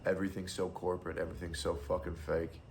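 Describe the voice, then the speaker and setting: A man's voice: sits low, completely flat delivery, fast, vocal fry. A man speaking in a casual, rambling monologue, disillusioned and self-mocking, over faint background noise. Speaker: online video creator.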